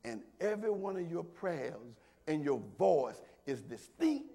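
An older man preaching a sermon, swinging from low murmurs to shouted preaching and throwing questions to the congregation. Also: big pitch swings, measured pace, gravelly, slightly rough. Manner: call-and-response asides to the congregation. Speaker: pastor.

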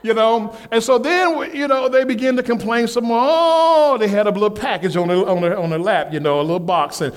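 A man delivers a sermon in a notably high voice, drawing the congregation in with call-and-response questions. He slips into put-on whiny voices as he tells his stories. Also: fairly quick, few pauses. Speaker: preacher. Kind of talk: sermon with storytelling.

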